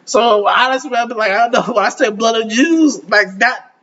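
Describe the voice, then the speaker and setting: A man's voice: very high-pitched, moderate pace, pushed and bright, lo-fi sound. A man hosting a reaction video, talking casually with slang, swearing and rambling between laughs.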